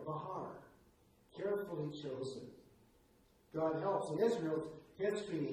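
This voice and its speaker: A man preaching a sermon in an earnest way, moving between hushed and emphatic delivery. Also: a little high. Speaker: pastor. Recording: echoey room, voice from far off, faint noise.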